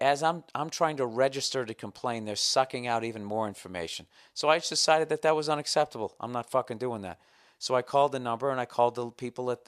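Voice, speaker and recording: A man's voice: mid-range voice, clear, resonant tone. A man in his forties hosting a podcast, ranting profanely in a casual comedic monologue and reading his own letter in a mock-formal tone. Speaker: podcast host.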